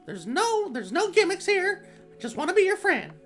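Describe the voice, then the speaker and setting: A man doing a high, squeaky falsetto impression of a cheerful, chummy cartoon mouse, with music behind. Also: sing-song, normal speed, a bit bright, heavily acted. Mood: eager. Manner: eager, chummy, reassuring.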